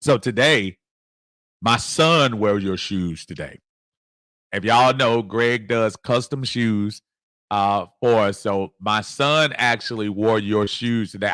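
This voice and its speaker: A middle-aged man hosting a casual sports livestream, reading out viewer comments in a lively, chuckling way. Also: fairly low pitch, no room sound. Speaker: livestream host.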